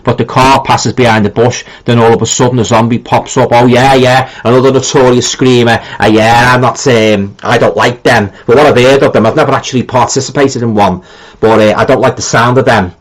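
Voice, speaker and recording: A man's voice: mid-range voice, steady tone, a little fast, rough recording. A middle-aged man with a Liverpool accent chats easily through a live stream, reading viewer comments aloud. His talk rambles in an informal way, full of ums, repeated starts and colloquial turns of phrase. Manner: rambling and chatty, with many ums and repeated restarts.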